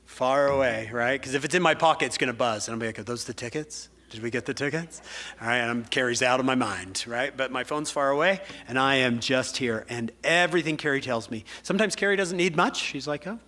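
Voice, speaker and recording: A man lecturing a class in a lively, animated way, telling stories and acting out the dialogue. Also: mid-range voice, brisk, few pauses. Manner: animated storyteller who acts out dialogue. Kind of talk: lively classroom talk with anecdotes.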